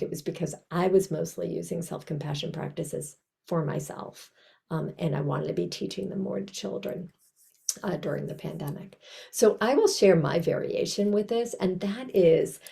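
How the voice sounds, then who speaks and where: A woman with a heavily gravelly, low and mellow voice gives a conversational trauma training talk over a video call. She speaks gently and reflectively, slipping into soft, kind self-talk asides.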